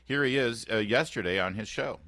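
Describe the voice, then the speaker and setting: A man in his fifties hosting a radio talk show, chatting in an animated, opinionated and sarcastic way, often restarting his sentences. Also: mid-range voice, a little fast, no room sound. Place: radio studio. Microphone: close studio microphone.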